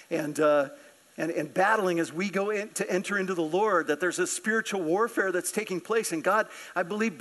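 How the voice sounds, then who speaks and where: A man preaching a sermon in a church, animated and acting out scripture characters. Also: sits high. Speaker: pastor. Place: church sanctuary.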